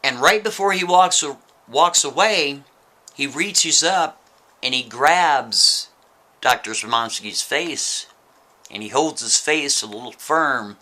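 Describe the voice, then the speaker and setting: A man spinning a thriller yarn in loose, conversational storytelling. His voice is bright and forceful, sitting at an ordinary pitch. He keeps pulling the listener in with quick asides. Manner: chatty, with frequent "right?" asides to the listener. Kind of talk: casual spoken storytelling.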